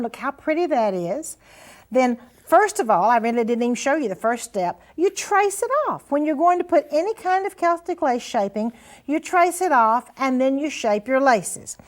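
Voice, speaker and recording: Older lady showing sewing steps, high-pitched, chatty, calls you honey. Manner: chatty, folksy, encouraging, says "honey" and "now then". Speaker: sewing show host. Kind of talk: friendly sewing demonstration.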